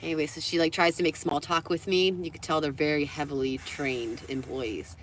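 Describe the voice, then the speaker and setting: Woman, live-stream vlogger, rambling, laughs often, profane, lowish voice. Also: steady tone, brisk, a bit bright, slight background noise. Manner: chatty and rambling, laughs often, swears freely. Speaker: YouTuber livestreaming to viewers.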